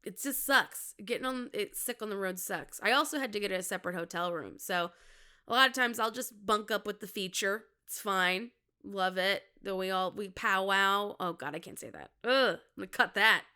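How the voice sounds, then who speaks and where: A woman's voice: mid-range voice, normal speed, bright, forceful tone, smooth. A woman in her thirties from Minnesota with a Midwestern accent, chatting candidly and jokily on her own podcast. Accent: Midwestern American. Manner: candid, self-mocking, jokey with laughs. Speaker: comedian podcast host. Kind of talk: casual solo podcast chat.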